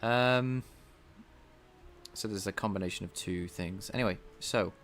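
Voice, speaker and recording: A man's voice: lowish voice, unhurried. Man, slightly nasal, casual live-coding chat, faint hum behind. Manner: thinks out loud, talks to chat. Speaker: game developer streaming his coding.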